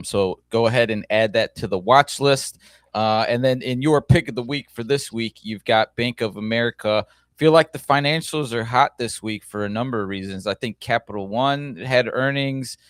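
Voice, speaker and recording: A man co-hosting a trading show, talking in a relaxed, chatty way with many fillers. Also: mid-range voice, smooth, dry recording. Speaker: co-host. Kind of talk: casual show chat.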